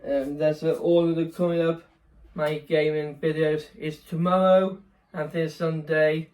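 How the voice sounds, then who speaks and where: A man's voice: a little high, level tone, measured pace, a little mellow. A young man chatting casually in a vlog, rambling, correcting himself and laughing often. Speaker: vlogger.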